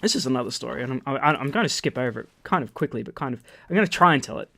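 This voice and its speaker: Animated Australian man rambling anecdotes. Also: mid-range voice, rapid-fire, creaky, few pauses, breathy edge, no echo. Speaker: gaming channel host. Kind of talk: storytelling over gameplay commentary.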